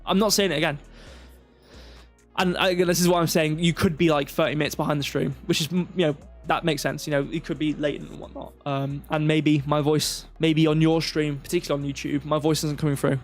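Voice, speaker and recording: A crypto livestream host with a fairly high voice goes through trading charts point by point, speaking fairly quickly and flatly, his voice slightly raised. He wanders into digressive, self-deprecating asides as faint music plays underneath.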